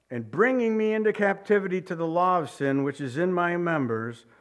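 A man preaching a sermon, addressing the listeners directly, repeating key words and swinging from loud cries to hushed low emphasis.

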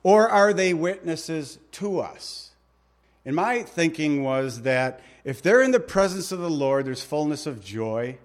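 Middle-aged male pastor, slightly high voice, easygoing sermon delivery, slow when reading verses, sudden quiet stresses. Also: expressive. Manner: conversational preaching, slows down to read verses, drops quiet for emphasis.

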